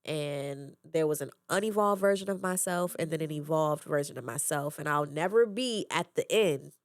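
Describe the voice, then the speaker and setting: A young woman, a guest on a podcast, talking candidly and reflectively in casual chat with quick laughs. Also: low-pitched, no room sound, clean studio sound. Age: young adult.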